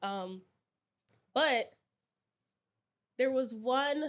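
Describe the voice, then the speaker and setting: A woman's voice: high-pitched, very slow. Twenties woman guest from New York, loose chatty storyteller. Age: 20s. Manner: chatty, many fillers, animated retelling. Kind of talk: casual chat, storytelling.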